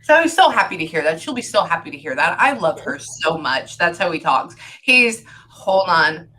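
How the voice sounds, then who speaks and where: Bright, excitable woman medium. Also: lowish voice, moderate pace. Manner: excitable, chatty, filler-heavy. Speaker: psychic medium. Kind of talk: reading session with a client.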